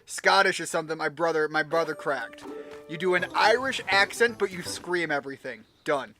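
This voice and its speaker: A man with a high voice talks his way through a video game in loose, rambling let's-play chatter. He jokes and drops the odd swear. Game music plays clearly behind him. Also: moderate pace. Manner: rambling, joking, swears casually. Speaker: gamer playing a video game. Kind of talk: casual let's-play commentary.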